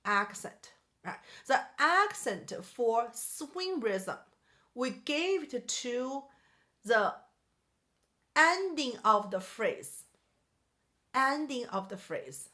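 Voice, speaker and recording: Slow, bright-voiced woman teaching piano. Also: fairly high pitch, sing-song. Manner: explains in short phrases and sings rhythm syllables. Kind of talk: jazz piano lesson. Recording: piano playing behind.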